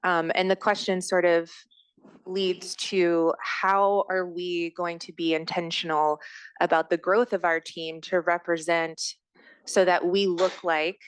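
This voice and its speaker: A woman in the audience asking a careful question at a lecture, pausing with hesitations. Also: lowish voice, level tone, smooth, no room sound, rough recording. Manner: measured, hesitant with many ums.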